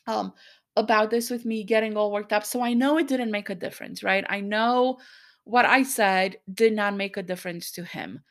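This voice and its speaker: An angry woman speaks straight to her podcast listeners in a personal monologue, still worked up and frustrated. Her talk comes in bursts, broken by quick asides. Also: medium pitch. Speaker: podcast host.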